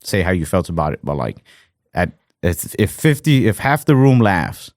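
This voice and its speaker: A man's voice: deep voice, sing-song, normal speed, a little mellow, no room sound, studio quality. A young American man co-hosting a casual comedy podcast, rambling with lots of "like" fillers. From United States. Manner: rambling, heavy on fillers like "like" and "fucking". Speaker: podcast co-host.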